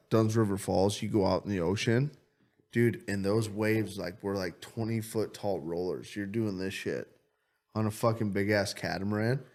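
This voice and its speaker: A young man co-hosting a podcast, telling stories in a loose, animated way and swearing a lot. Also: on the low side. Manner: animated storytelling, heavy swearing. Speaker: podcast co-host. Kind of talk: casual chat.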